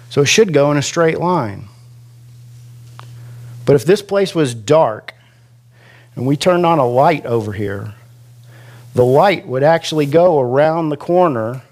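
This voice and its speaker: A pastor preaches a sermon in a church classroom, slow and conversational, with chatty, self-deprecating asides. His voice is medium-pitched and a little mellow. He slows down further to draw out quoted scripture for emphasis.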